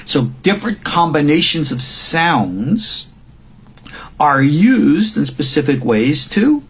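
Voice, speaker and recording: A man in his sixties teaching a recorded lecture as a rabbi, emphatic and repeating words for stress, with a husky voice. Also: fairly high pitch, big pitch swings, slow pace. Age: 60s.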